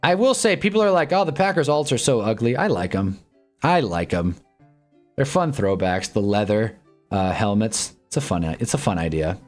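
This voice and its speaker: A young man casually reacting to live football games on a stream, swinging from low muttering to excited yelling at big plays. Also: moderate pace, soft background music. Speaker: sports streamer. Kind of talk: live football watch-along commentary. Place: home streaming room with green screen.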